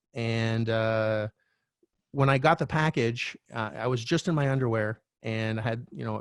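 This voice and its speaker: Candid animated man telling his story. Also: mid-range voice, dry recording, studio quality. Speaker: podcast guest, real estate coach. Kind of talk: storytelling interview talk.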